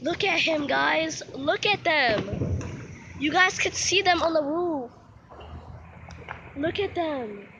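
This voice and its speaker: A woman vlogging outdoors at night on her phone, excitedly narrating fireworks to viewers she calls y'all, swearing and laughing. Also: sits high, takes it slowly, long pauses, muffled recording, noisy background. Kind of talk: excited casual commentary. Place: outdoors at night near a street, light drizzle. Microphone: phone camera held in hand. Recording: phone video with loud firework bangs. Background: loud fireworks and firecrackers.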